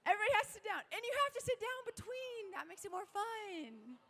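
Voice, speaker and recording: A young woman with a sore voice leads a crowd game at a church youth event, bubbly and shouting cheers. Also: very high-pitched, big pitch swings, fast talker, few pauses.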